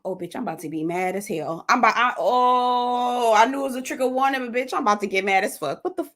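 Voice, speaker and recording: A young woman, hosting a casual live stream, animated and cussing freely as she reacts and reads comments aloud. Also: on the high side, fast talker.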